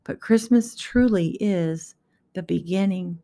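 A woman's voice: on the low side, slow, dark tone. A woman giving an earnest, heartfelt personal faith talk to her viewers, encouraging them. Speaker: Christian vlogger.

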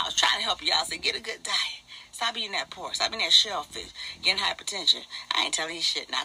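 A man's voice: on the high side, vocal fry, pushed and bright, slight background noise, heavily acted. A man doing a furious foul-mouthed woman. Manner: profane, fast, indignant ranting. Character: furious middle-aged woman, former nurse, single mother. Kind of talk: ranting stand-up character monologue.

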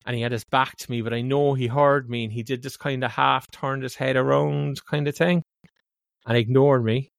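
A man's voice: mid-range voice, normal speed, creaky, dry recording. Cork man telling a story, dry mic. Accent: Cork Irish. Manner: animated anecdote with lots of filler "like, you know". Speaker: podcast co-host. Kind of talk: casual storytelling chat.

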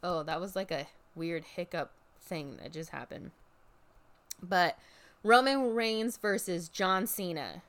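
Chatty woman with a smooth, lowish voice. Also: slow pace, fairly bright tone. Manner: chatty, profane, filler-heavy, acts out quotes. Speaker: podcast host recapping a wrestling event. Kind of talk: casual storytelling recap.

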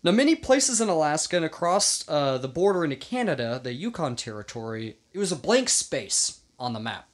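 A man's voice: fairly high pitch, sing-song, brisk, hardly any pauses. A man hosting a comedy history podcast, telling the story casually, laughing and swearing along the way. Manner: swears freely, laughs often.

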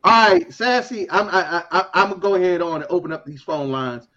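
A man hosting a podcast, talking casually and taking calls with loud joking banter and swearing. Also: sits high, expressive, brisk, lo-fi sound. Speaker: podcast host. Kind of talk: casual chat taking call-ins.

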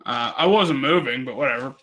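A man's voice: medium pitch, a little fast, a bit bright. A man co-hosting a podcast, telling a rambling story in casual chat, swearing constantly. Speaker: podcast co-host.

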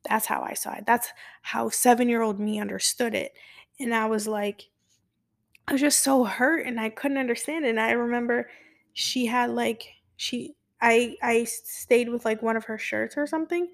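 A young woman hosting a podcast, rambling confessionally through a personal story with many fillers, soft-spoken and slipping into whispers. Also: a little high, fairly even intonation, normal speed, vocal fry. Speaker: podcast host.

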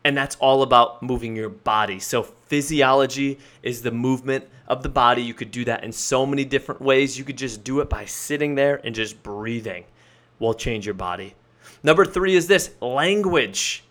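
A man hosting a motivational podcast, coaching listeners in an emphatic way, laying out numbered points and slowing down to stress key words. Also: medium pitch, a bit bright. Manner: emphatic, coaching, lists points and repeats them. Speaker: podcast host.

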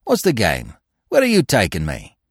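A man's voice: fairly low pitch, huge pitch swings, moderate pace, husky, no room sound, studio quality, heavily acted. A man voicing a cheeky young pickpocket who exclaims and protests with feigned cheer and indignation. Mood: indignant.

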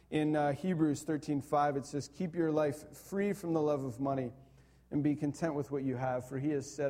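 A man's voice: on the high side, dark tone. Earnest man preaching a sermon. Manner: earnest, builds to emphatic repetition. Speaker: pastor.

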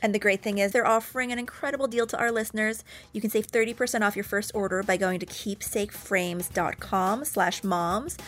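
A woman co-host reading the show credits and a sponsor offer clearly. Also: medium pitch, steady tone, a little fast, hardly any pauses, fairly bright tone. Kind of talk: read promo and credits.

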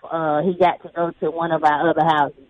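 A woman's voice: low voice, little pitch movement, a little fast. A woman guest talking casually in a laid-back, rambling way and laughing often, calling in by phone. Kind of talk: casual interview chat. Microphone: phone call. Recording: tinny phone line.

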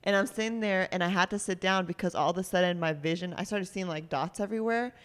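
A woman's voice: lowish voice, fast, big-room sound. A woman in casual chat telling a story, swearing freely and acting out what people said. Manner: swears a lot, lively retelling with quoted lines.

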